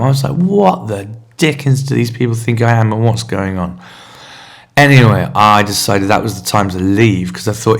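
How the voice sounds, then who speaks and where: Low-voiced man telling his story. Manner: rambling, candid, self-searching. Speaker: podcast host. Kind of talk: confessional storytelling monologue.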